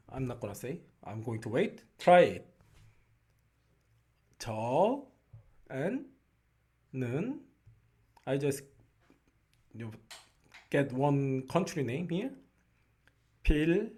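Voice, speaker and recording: A man with a Korean accent teaching a beginner lesson, speaking slowly and patiently and often checking in with "right?". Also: medium pitch, big pitch swings, a little mellow. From South Korea. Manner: slow, patient, repeats "right?" to check on learners.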